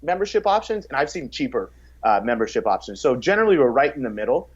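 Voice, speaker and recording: A man's voice: mid-range voice, sing-song, fast talker, slightly rough. A man in casual podcast conversation, talking about coaching with energy. He often repeats words as he starts sentences. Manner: acts out quotes in a raised voice. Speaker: fitness coach, podcast guest. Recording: slightly dull podcast audio.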